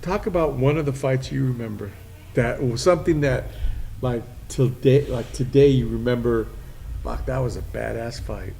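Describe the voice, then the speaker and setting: With a mellow, medium-pitched voice and vocal fry, this man speaks at normal speed while hosting a live podcast in a restaurant. He spins casual stories, curses freely and imitates quoted voices, with faint noise from the live remote setup.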